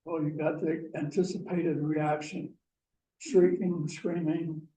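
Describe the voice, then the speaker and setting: A man from Pennsylvania giving a talk, telling a personal story slowly and deliberately. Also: fairly high pitch, flat delivery, mellow. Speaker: guest speaker. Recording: echoey room, mic far off, faint hiss.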